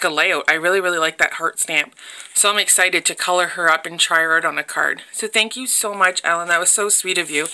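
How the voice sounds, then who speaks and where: Gushing bright-voiced young woman vlogger. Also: mid-range voice. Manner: gushing, chatty, talks to viewers. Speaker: craft vlogger. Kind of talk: casual unboxing chat. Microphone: phone camera.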